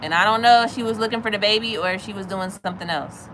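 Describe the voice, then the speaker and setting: Bright-voiced woman in her thirties, animated. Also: fast talker, slight background noise, poor audio. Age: 30s. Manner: animated, acts out other people's lines in a high voice. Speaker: livestreamer chatting with viewers. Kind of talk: casual storytelling chat.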